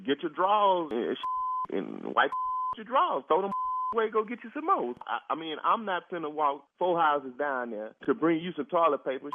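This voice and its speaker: A man's voice: on the high side, a little hiss or hum. Exasperated man laughing over a phone. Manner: exasperated, keeps laughing in disbelief. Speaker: prank call target. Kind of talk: phone conversation. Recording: tinny phone line.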